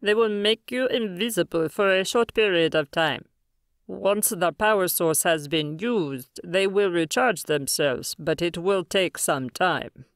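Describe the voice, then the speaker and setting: A woman voicing a slow, grave alien leader. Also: on the low side, dry recording, clean studio sound. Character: tall solemn female alien leader. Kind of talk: audiobook character voice.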